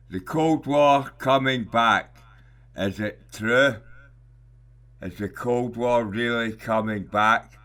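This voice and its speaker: A middle-aged man hosts a radio show in a slow, deliberate rant. His fairly low voice still sounds bright and forceful, and he leans hard on emphatic, indignant rhetorical questions. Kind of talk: opinionated radio monologue.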